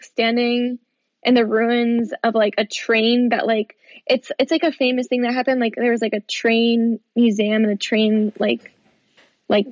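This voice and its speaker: A woman's voice: on the high side, no room sound, muffled recording. A woman co-hosting a podcast in casual chat, rambling with many "like" fillers and frequent laughs. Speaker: podcast co-host.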